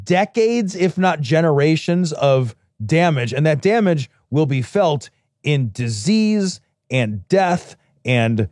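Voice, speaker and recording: A man's voice: on the high side, sing-song, slow, darkish tone, no echo, clean studio sound. A man co-hosting a podcast in casual chat, ranting emphatically and with profanity.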